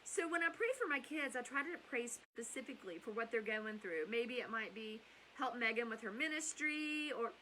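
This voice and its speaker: A middle-aged woman with a somewhat high voice tells a bedtime Bible story. She rambles into chatty asides and corrects herself as she goes. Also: expressive, normal speed, sharp tone, slight background noise, rough recording. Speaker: storyteller and host.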